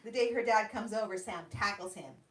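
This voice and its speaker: A woman author reading her novel aloud and then talking about her career at a bookstore event, in a plain, unhurried storytelling voice. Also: medium pitch. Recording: roomy hall sound, distant mic.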